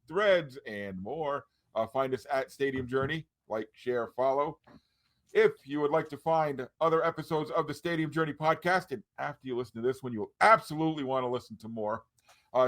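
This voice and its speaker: An upbeat man hosting a casual sports podcast, rattling through plugs and introductions in an easy chat style. His voice sits at an ordinary middle pitch for a man. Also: fairly bright tone. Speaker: podcast host.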